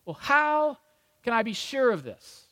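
A man's voice: extremely high pitch, sing-song, unhurried, pushed and bright, voice pushed up, full character voice. A male preacher voicing an anxious, doubtful old priest who pleads hesitantly and diplomatically. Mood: pleading. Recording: long reverb in a large hall.

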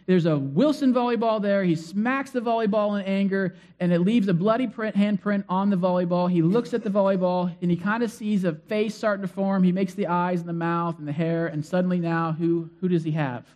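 A male pastor with a fairly high voice delivers a sermon in an easy, conversational way. He tells stories with animation and throws questions to the congregation. He repeats short phrases to drive his points home. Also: fairly quick, hardly any pauses, highs cut off. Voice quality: conversational, animated storytelling with acted-out cries.

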